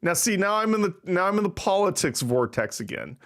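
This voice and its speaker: A man's voice: high-pitched, very animated, a little fast, a bit bright. A man hosting a casual livestream, rambling and self-deprecating with plenty of swearing. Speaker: livestream host. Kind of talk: casual live-stream chat.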